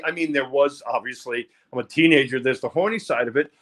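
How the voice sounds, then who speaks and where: An older man, telling his life story haltingly in an interview, often repeating words. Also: fairly high pitch, fairly bright tone. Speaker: interview guest, music producer. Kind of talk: candid personal storytelling.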